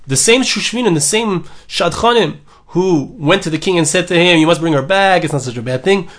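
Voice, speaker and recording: Torah teacher, male, high-pitched and animated, reads text then explains it. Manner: reads Hebrew and Aramaic text aloud then translates, lively and emphatic. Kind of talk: animated Torah class reading and explaining a midrash.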